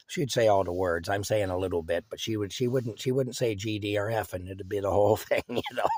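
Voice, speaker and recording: A man's voice: on the low side, darkish tone, no echo. Rambling older man telling stories. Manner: rambling, halting, chuckling. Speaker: vlogger. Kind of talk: casual storytelling.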